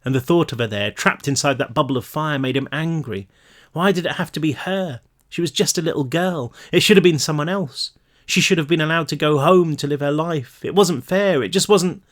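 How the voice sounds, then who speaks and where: A man, the author, reading his own novel aloud in a home-recorded read-through, emotional and rising in pitch at tense moments. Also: fairly quick. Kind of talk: audiobook-style reading.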